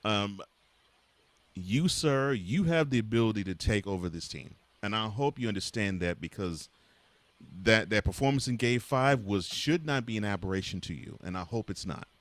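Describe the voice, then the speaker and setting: Deep-voiced man praising players directly. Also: expressive, normal speed, no echo. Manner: addresses players directly, earnest and complimentary. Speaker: co-host. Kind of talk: casual sports talk.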